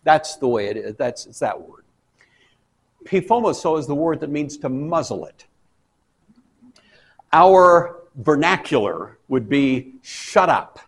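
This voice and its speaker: A man teaching a Bible study in a folksy, conversational way, breaking into loud animated bursts for emphasis. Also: on the high side, measured pace, long pauses, slightly rough.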